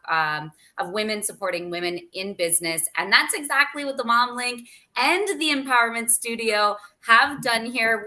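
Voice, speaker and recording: A woman's voice: a little high, pushed and bright. A woman with a Canadian accent hosting a business summit panel, talking with enthusiasm and a promotional push. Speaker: host.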